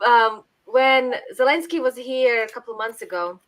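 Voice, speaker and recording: A woman from Ukraine, a podcast guest, talking politics in a lively, emphatic way. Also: a little high, moderate pace. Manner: lively, emphatic, laughs between points. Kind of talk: casual political discussion.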